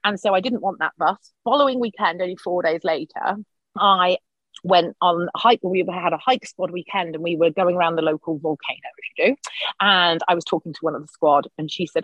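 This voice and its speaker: A middle-aged woman, a podcast guest, telling a personal story in lively, candid conversation, swearing freely and acting out her own quotes. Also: lowish voice, brisk, no room sound. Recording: dull lo-fi sound.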